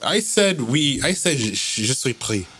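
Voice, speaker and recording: A man in his twenties with a slight lisp, co-hosting a podcast in playful, excitable casual chat. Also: medium pitch, unhurried, heavy background noise. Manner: playful, excitable, giggly banter. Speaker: podcast co-host.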